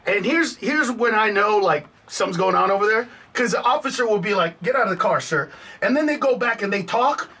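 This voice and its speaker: Husky bright-voiced comedian. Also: male voice, high-pitched, brisk, hardly any pauses, recorded from a distance. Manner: animated storyteller who acts out voices. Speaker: comedian guest. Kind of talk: casual interview chat.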